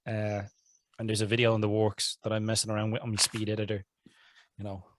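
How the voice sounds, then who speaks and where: A man's voice: lowish voice, completely flat delivery, fast, a little hiss or hum. A man with an Irish accent, a podcast co-host chatting casually, rambling and laughing often. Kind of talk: casual chat.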